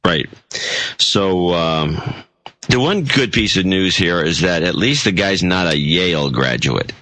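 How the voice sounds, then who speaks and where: A man's voice: low-pitched, lively intonation, a little slow, pushed and bright. A man from the United States co-hosting a casual chat, rambling with many restarts and fillers, over an internet call. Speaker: podcast co-host.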